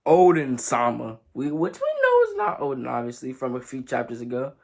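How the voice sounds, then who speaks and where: A young man reviews a manga chapter in easy, slangy chat. He sounds a bit sleepy, yet gets excitable and sometimes breaks into loud outcries. His pitch sits in a middle range for a man. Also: measured pace, creaky. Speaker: anime reviewer.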